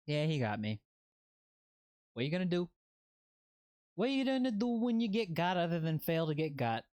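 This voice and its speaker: A man giving casual live commentary while playing a video game. He swears freely and yelps and shouts at what happens on screen. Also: fairly high pitch, big pitch swings, normal speed, no room sound. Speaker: game streamer. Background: game music.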